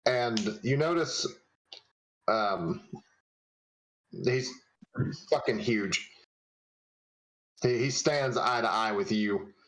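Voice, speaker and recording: A man's voice: mid-range voice, extremely slow, long pauses, a bit bright, low-quality recording. A man narrating a tabletop game as game master, casual and rambling, searching for words.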